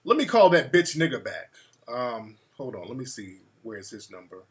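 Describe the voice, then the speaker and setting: A man's voice: medium pitch, sing-song, moderate pace, slightly rough. A man hosting a call-in show, blunt and mocking in profane banter. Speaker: radio show host.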